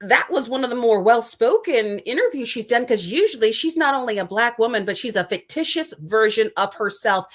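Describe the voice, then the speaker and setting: A woman's voice: on the high side, expressive, brisk, few pauses. A middle-aged woman co-hosting an opinionated commentary show, sarcastic and mocking. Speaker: co-host.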